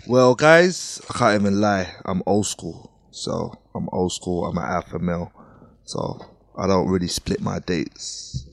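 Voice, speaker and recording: A man's voice: sits low, unhurried, gravelly. A man, co-hosting a casual podcast chat in a laid-back, confident way. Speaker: podcast co-host.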